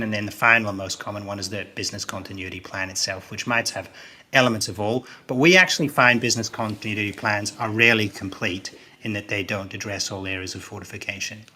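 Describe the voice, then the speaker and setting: A man's voice: lowish voice, bright, forceful tone. A man, a business consultant, giving emphatic interview answers that repeat key phrases.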